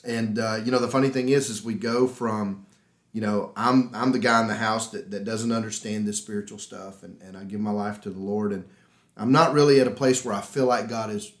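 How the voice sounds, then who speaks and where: A man's voice: lowish voice, brisk. A man, a pastor telling stories animatedly on a podcast and acting out the dialogue. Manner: animated storyteller, acts out dialogue. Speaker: pastor, regular guest. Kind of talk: podcast conversation, storytelling. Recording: roomy echo.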